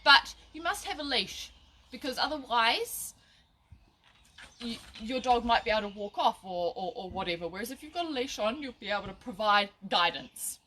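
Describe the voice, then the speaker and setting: Here her voice is a little high and lively, at a normal speed, with a bright, forceful tone and a faint hiss or hum. She's casually teaching dog training on a live video, restarting often and laughing off her slips. The recording comes from a phone or camera nearby.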